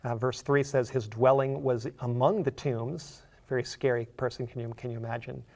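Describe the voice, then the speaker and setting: Gravelly-voiced male preacher. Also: medium pitch, fairly even intonation, moderate pace, a little mellow. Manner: conversational, with fillers and repeated words. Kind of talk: sermon reading and explaining scripture.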